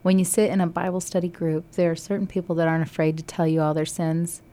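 Female Christian radio co-host from Texas, slightly low voice, earnest teaching delivery. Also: little pitch movement, fast talker, mellow. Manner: earnest, teaching, with frequent restarts. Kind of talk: devotional radio talk.

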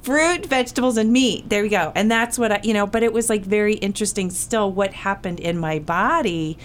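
A woman's voice: medium pitch, brisk, slight background noise. A woman in a Bible study group sharing a personal experience in a rambling way, full of fillers and restarts. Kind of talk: casual group discussion.

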